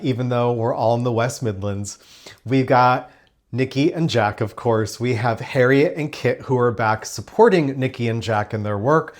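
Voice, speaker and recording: A man hosting a casual spoiler review of a crime drama, talking in a chatty, enthusiastic way with rambling asides. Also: medium pitch. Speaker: TV review host.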